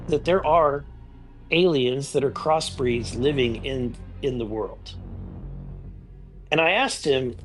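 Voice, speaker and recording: Brief: male interviewee, hesitant, restarts a lot, clear music under him. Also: fairly high pitch. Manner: halting, lots of restarts and fillers. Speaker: interviewee in a played clip. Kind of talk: casual interview recounting.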